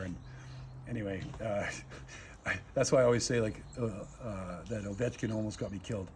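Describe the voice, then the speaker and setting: A man's voice: fairly low pitch, normal speed, a little hiss or hum. Rambling man telling a war story. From Canada. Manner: rambling, animated, many fillers, swears. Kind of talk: casual storytelling in an interview. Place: outdoors in a war zone.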